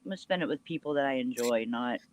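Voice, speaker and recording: A woman's voice: rumbling low, fast, darkish tone. A woman co-hosting a casual live show with brief, dry interjections. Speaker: podcast co-host. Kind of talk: casual live-stream chat.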